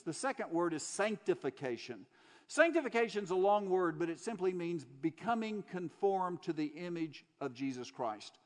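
A man preaching a sermon, telling a story earnestly and driving points home with repetition. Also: a little high. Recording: long hall reverb.

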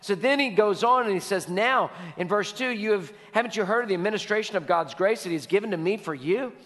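A man's voice: high voice, a little fast, a bit bright. Man, pastor, sermon, storytelling, repeats key lines, reverberant hall.

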